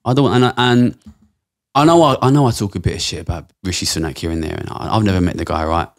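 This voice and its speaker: A man's voice: sits low, quick pace. A man in his thirties from England, a podcast guest talking bluntly and passionately, swearing a lot. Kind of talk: casual interview talk.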